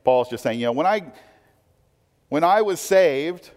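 Conversational preacher in a reverberant hall. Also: male voice, fairly high pitch, expressive, unhurried, a little mellow. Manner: conversational preaching, frequent "right?" asides. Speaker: pastor. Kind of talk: sermon.

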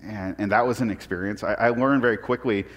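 A man from Portland preaching a sermon, telling a humorous personal story with animated, self-deprecating delivery. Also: lowish voice, a little fast, long reverb tail. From Portland, Oregon. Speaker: pastor. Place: church sanctuary.

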